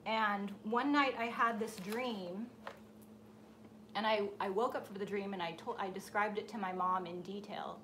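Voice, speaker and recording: A woman hosting a live stream for her design group, telling a personal story in a casual, animated way. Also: mid-range voice, measured pace, a little hiss or hum. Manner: animated storyteller, acts out voices in her anecdotes. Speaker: host of a painting and design group. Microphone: live stream setup.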